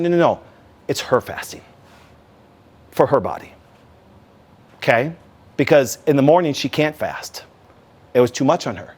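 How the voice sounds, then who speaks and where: A man hosting a health talk, emphatic and animated, acting out quoted remarks as he explains. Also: moderate pace, pauses often. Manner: emphatic, with wide swings in pitch and loudness; acts out his own and others' quoted remarks. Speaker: wellness doctor and show host.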